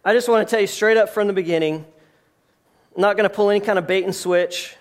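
A pastor preaching a sermon, telling a story with lively asides, jokes and acted-out quotes. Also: male voice, sits high, fast. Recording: live address to a congregation.

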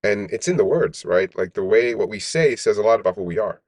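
A middle-aged company founder talks animatedly in a casual interview, often tagging his points with "right?". His voice is lowish and fairly quick, in a dry recording.

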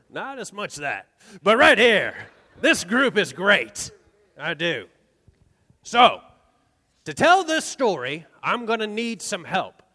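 A man performs as a ship's captain for a live audience, coaxing the crowd into joining in and shouting theatrically. His voice is strikingly high and bright, his delivery unhurried. A long reverb from a big venue trails each line. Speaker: costumed ship-captain performer leading a live audience show. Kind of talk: live audience interactive storytelling.

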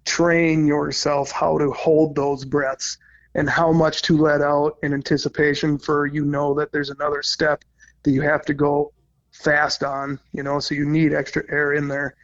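A man from Minnesota, guesting on a podcast as a goose-calling competitor, chats casually, wandering a bit and swearing sometimes. He speaks unhurriedly in a voice on the high side with a completely flat delivery, captured in dull lo-fi audio.

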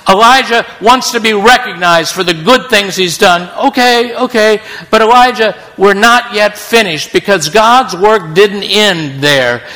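Male preacher, slow dramatic storyteller, bright voice, large hall reverb. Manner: dramatic, storytelling delivery with sudden drops in pitch and volume. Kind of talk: sermon.

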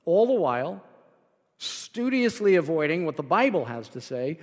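A man's voice: on the high side, sing-song, normal speed, a little mellow, in a large hall. A man preaching a sermon as pastor, explaining scripture line by line with frequent restarts.

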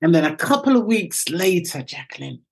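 A middle-aged British woman, a guest telling lively anecdotes and acting out the voices of the people in them. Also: lowish voice, moderate pace, vocal fry, breathy edge. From United Kingdom. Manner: animated, acts out voices in her anecdotes. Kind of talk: storytelling interview.

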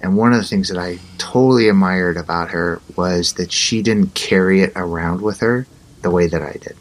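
Low-voiced man telling a story. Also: normal speed. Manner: animated, acts out both sides of dialogue. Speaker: interview guest. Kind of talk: conversational storytelling.

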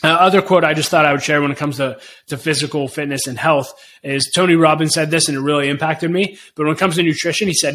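An earnest middle-aged man hosts a solo podcast with a slightly raised pitch. He speaks in an encouraging, motivational way and often repeats his key points. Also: quick pace, fairly bright tone. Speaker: podcast host.

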